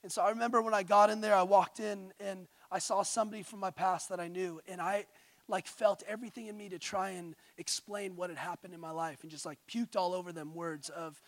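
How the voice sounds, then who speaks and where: A man in his thirties from California preaching a sermon, passionate, dropping to quiet intimate tones and rising to loud exhortation. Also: high voice, normal speed, dry recording. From California, USA.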